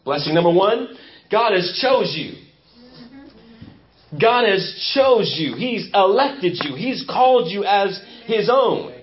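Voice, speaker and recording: A pastor delivering a sermon in a church with an emphatic, repetitive preaching cadence. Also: male voice, high voice, big pitch swings, takes it slowly. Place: church sanctuary. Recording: muffled lo-fi church recording.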